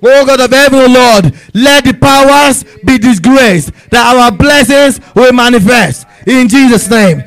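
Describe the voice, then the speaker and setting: A man with a strikingly high voice leads a congregation in prayer. He chants his lines and swells into shouts. He speaks as a pastor in fervent, repetitive declarations. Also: measured pace, hardly any pauses, low-quality recording. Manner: drops lower and quieter reading scripture.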